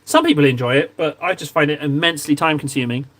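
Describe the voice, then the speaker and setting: A man's voice: a little high, fast, fairly bright tone. An English man streaming and chatting casually with his viewers, self-deprecating and easygoing. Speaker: streamer chatting with viewers while painting miniatures. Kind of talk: casual chat.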